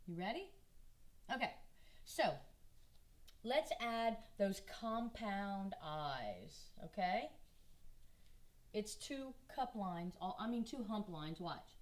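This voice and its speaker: A woman's voice: medium pitch, very animated. Southern lady art teacher, walking little kids through drawing a bug, patient and encouraging. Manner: patient, encouraging, speaks slowly to small children. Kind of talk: kindergarten drawing lesson.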